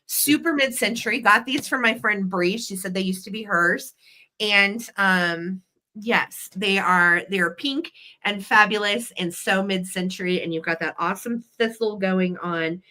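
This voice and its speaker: A woman's voice: mid-range voice, a little slow, pushed and bright, poor audio. A woman hosting a live online vintage sale, chatty and effusive as she shows each item and talks to her viewers. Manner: chatty and effusive, talking straight to the chat. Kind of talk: live online sales pitch.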